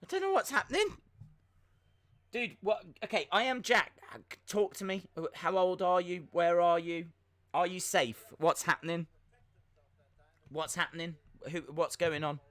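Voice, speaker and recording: A young man hosting a live wrestling watch-along, chatting excitedly, rambling and flustered as he reads viewer comments. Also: sits high, a little slow. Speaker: livestream host reacting to wrestling.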